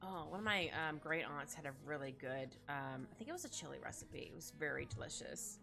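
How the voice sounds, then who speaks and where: A young woman from Canada chats loosely with her stream while she draws, wandering from story to story with plenty of ums. Her voice sits lowish yet swings around a lot, with a bright edge, over faint background music. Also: lively intonation, fairly quick, gravelly. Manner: rambling, chatty, lots of fillers, acts out quotes in squeaky voices. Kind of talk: casual chat while drawing on stream.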